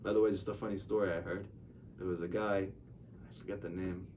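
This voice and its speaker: A man's voice: low-pitched, little pitch movement, brisk, darkish tone. A man, a rabbi, giving an informal religious lecture, talking conversationally and acting out stories with dialogue. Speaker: rabbi teaching a class. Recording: distant mic with faint noise.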